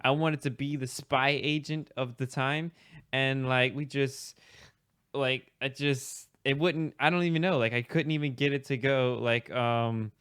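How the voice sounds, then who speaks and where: Rambling young man, smooth dry voice. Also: medium pitch, steady tone, unhurried, fairly bright tone, dry recording. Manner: rambling, hesitant, many restarts. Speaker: streamer. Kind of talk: improvised comic storytelling.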